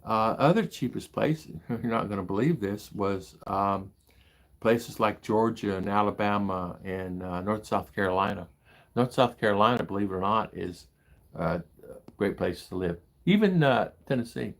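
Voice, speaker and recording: An older man from the United States talks off the cuff in a rambling way, his voice gravelly with fry. He drifts between stories and viewer comments and turns indignant and heated when he gets going. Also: on the low side, animated, unhurried. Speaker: livestream host reading chat. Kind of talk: casual livestream chat. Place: home in the Philippines.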